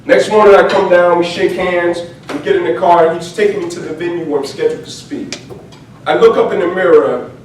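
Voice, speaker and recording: A man giving a motivational talk as a story, repeating "right?" in a steady rhythm and dropping soft and low for quoted speech. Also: a little fast, slight background noise. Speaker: motivational speaker. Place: event venue. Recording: echoey, from far off with faint ambience.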